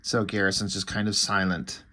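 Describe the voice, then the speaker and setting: Low-voiced man rambling through a recap. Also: flat delivery, normal speed, pushed and bright. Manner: rambling, offhand, frequent fillers and restarts. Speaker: comic book reviewer. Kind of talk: casual recap and commentary.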